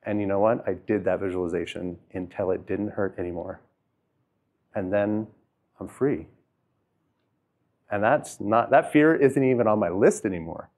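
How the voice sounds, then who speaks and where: A man talking casually about his own experiences in a self-help talk, rambling, with fillers and restarts, and dropping quiet on heavy moments. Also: fairly low pitch, moderate pace, long pauses. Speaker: host sharing personal experience.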